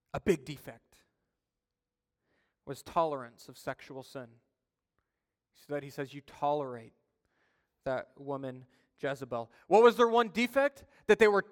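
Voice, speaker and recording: A man preaching a sermon as pastor, telling stories with lively swings between loud emphasis and quiet asides. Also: a little high. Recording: long reverb of a church hall.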